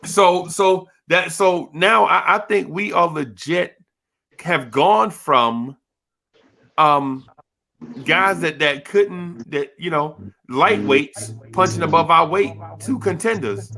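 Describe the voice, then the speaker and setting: A man from Jersey City hosting a casual sports podcast, animated and slangy, piling up quick restarts as he talks. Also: on the high side, vocal fry, slight background noise. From Jersey City, New Jersey. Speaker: podcast host.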